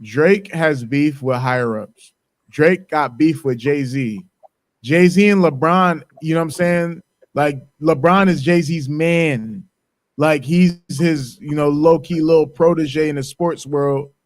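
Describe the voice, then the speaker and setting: A man co-hosting a casual podcast chat, animated and slangy, laughing as he tells it. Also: on the high side, slow, dry recording. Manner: animated slangy storyteller, laughs, mock-quotes. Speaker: podcast co-host.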